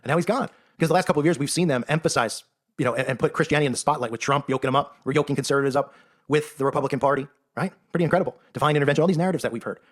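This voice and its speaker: In a rapid-fire, fairly high-pitched voice, an online commentator runs through a sarcastic monologue. He leans hard on his points and often finishes them with "right?"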